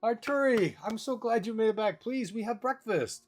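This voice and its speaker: A man's voice: high-pitched, moderate pace, soft background music, pitched above the performer's own voice, lightly acted. A man voicing a jovial male camp cook who fusses over his guests, repeating his words. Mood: welcoming.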